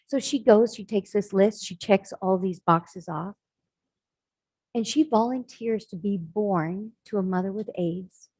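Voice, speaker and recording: A woman's voice: mid-range voice, unhurried, darkish tone, slightly rough, no echo, poor audio. A woman telling a spiritual story as a sermon, acting out the voices of the characters in it. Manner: dramatic storyteller voicing characters. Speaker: spiritual speaker.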